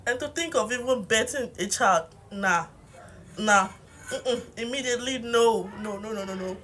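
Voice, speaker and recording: A woman's voice: a little high, normal speed, a bit bright, a little hiss or hum. A woman in her twenties in a rambling, confessional venting vlog, at times talking like a child, recorded on a phone while she eats. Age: 20s. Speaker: vlogger. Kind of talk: casual venting monologue to camera while eating.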